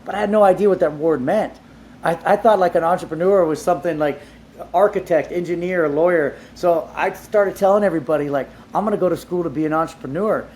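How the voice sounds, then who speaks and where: A man being interviewed, telling his life story in a casual, animated way, with lots of "like" fillers and casual swearing. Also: a little high, quick pace, a little hiss or hum. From Southern California. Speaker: entrepreneur guest.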